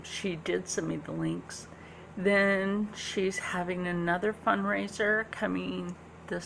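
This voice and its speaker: Slow, gravelly-voiced woman vlogger. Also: lowish voice, slight background noise, rough recording. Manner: soft-spoken, drifts into whispers, many ums. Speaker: beauty vlogger. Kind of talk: casual makeup tutorial chat. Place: indoors at home.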